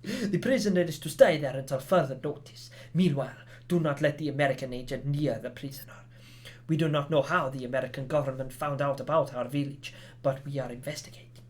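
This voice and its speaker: A gamer voicing a villainous village chief with an attempted Spanish accent, reading out orders in a hammy, low, muttering manner. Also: a little fast, a little mellow, close to an everyday voice. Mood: menacing.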